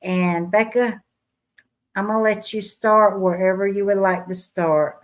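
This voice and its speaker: A woman's voice: medium pitch, steady tone, a little slow. A woman hosting a casual podcast, introducing her guest with effusive praise and frequent fillers. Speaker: podcast host.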